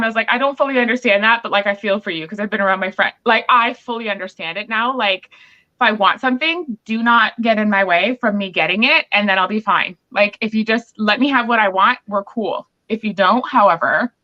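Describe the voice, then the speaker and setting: A woman's voice: on the high side, fairly quick, pushed and bright. A pregnant woman hosting a podcast, telling a candid story in casual chat and acting out both sides of a quarrel. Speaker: podcast host. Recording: muffled lo-fi recording.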